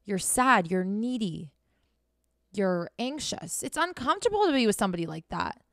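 A woman's voice: mid-range voice, sing-song, normal speed, fairly bright tone, no echo, clean studio sound. A woman talking straight to the viewer in a candid motivational monologue, blunt, profane and sarcastic, scolding the listener directly. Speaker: host.

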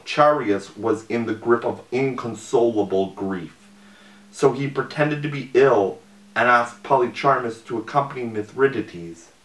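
A man reading an ancient novel aloud as an audiobook narrator, in a measured, deliberate manner. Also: mid-range voice, fairly bright tone. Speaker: audiobook reader. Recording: roomy, distant mic.

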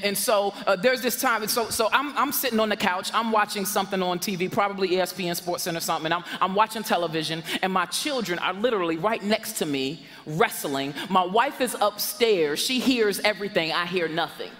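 A man preaching a lively sermon as pastor, shouting for emphasis and laughing along with his congregation. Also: high voice, a little fast, hardly any pauses, big-room sound. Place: church sanctuary. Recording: church sanctuary with congregation noise.

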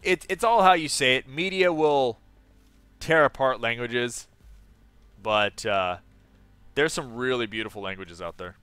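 Young male streamer, casual and chatty, laughs a lot, mid-pitched voice. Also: unhurried, pauses often, fairly bright tone, smooth, no room sound. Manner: chatty, laughs often, reads chat aloud. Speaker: game streamer. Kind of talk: casual live-stream chat.

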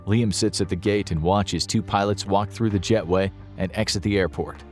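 A man giving scripted narration of a dramatic story in a steady, storytelling manner. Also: low-pitched, normal speed, faint music behind.

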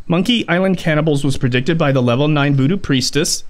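A man playing a video game and commenting, excitable and jokey, cursing and cheering at his own progress. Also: fairly high pitch, fairly quick, few pauses. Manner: excitable, swearing, joking to himself; blind gamer. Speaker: let's play gamer. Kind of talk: gaming commentary.

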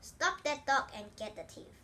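A woman reading the lines of an excitable, fussy king in a children's storybook, exclaiming and shouting orders. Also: fairly high pitch, measured pace, recorded from a distance, a little hiss or hum, heavily acted. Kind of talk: storybook read-aloud.

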